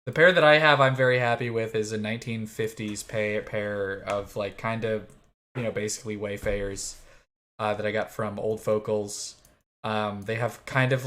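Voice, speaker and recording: A man co-hosting a casual podcast, animated and trailing off with fillers. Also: mid-range voice. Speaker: podcast co-host.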